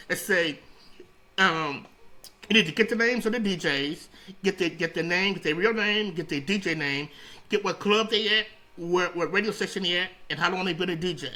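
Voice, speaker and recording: Animated, bright-voiced man telling stories. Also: sits high, moderate pace, rough recording. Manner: rambling, repeats words and restarts, animated storyteller. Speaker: interview guest, radio founder. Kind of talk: casual storytelling interview.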